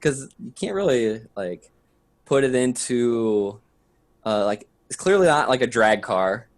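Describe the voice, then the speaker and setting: Male podcast guest, relaxed, halting, mid-pitched conversational voice. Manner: hesitant, searching for words, laughs easily. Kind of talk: casual conversation.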